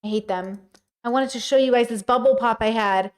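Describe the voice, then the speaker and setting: A woman's voice: on the high side, fast talker, darkish tone, clear, resonant tone. A woman streamer chatting casually with her viewers, joking and laughing often. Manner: giggly, jokey, talks to chat. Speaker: streamer reacting to videos. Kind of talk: casual livestream chat.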